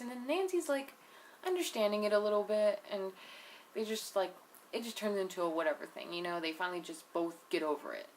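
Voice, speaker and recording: A woman's voice: mid-range voice, a little fast, a little hiss or hum. A young woman giving a casual, opinionated recap of a reality show episode, profane and full of "like" and "you know". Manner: blunt, opinionated asides. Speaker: TV episode reviewer.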